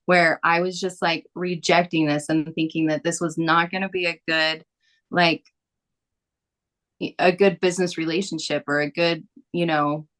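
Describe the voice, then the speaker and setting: A woman's voice: deep voice, level tone, normal speed, a bit bright. A young adult woman, a massage therapist, telling a story casually as a podcast guest, rambling with lots of filler words.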